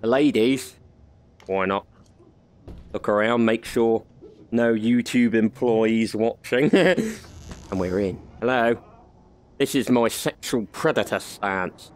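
A man's voice: mid-range voice, slow pace, long pauses. A young man giving crude, joking commentary while playing a VR horror game. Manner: joking, crude banter, frequent laughs. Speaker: gaming video host. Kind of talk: comic let's-play commentary.

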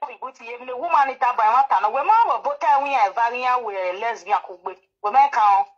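A woman's voice: on the high side, quick pace, a loud crowd. A woman calling into a talk show over the phone, chatting in a rambling way. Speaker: caller. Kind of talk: casual phone chat. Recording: dull telephone line.

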